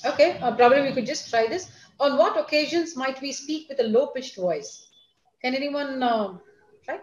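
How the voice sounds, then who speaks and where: A woman school principal, giving an online lecture to students and parents in an expressive, teacherly manner. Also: high-pitched, moderate pace, roomy sound, poor audio. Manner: expressive, teacherly, addresses listeners directly.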